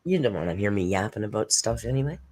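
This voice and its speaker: A woman's voice: very deep voice, lively intonation, fast, a little mellow, slight background noise. A woman hosting a live reaction stream, chatting casually, greeting viewers by name and laughing often.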